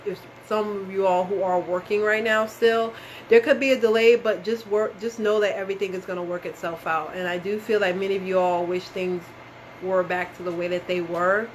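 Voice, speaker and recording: A woman's voice: lowish voice, slight background noise, rough recording. A woman doing a casual live-stream tarot reading, talking straight to her viewers, calling them y'all and swearing now and then. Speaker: tarot reader.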